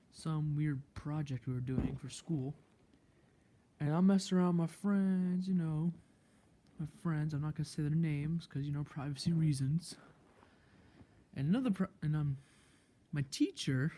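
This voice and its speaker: Chatty teen girl, mellow low voice. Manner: chatty, rambling with asides. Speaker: vlogger. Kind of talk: storytime vlog.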